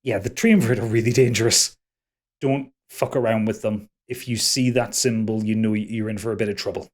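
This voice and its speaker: A game master voicing a jittery, swearing tavern keeper who gives rushed warnings in a raised voice. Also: male voice, on the high side, animated, pitched above the performer's own voice, natural voice. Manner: panicky, cursing, rushed warnings. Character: jittery middle-aged male tavern keeper, swears a lot.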